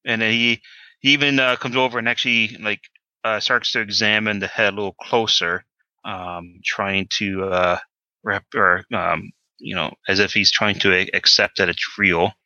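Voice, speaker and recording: Guy running a tabletop game, kinda hesitant, lots of ums, bright voice, muffled dry call audio. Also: lowish voice, steady tone, normal speed, dry recording. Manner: hesitant, many ums and restarts. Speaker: game master.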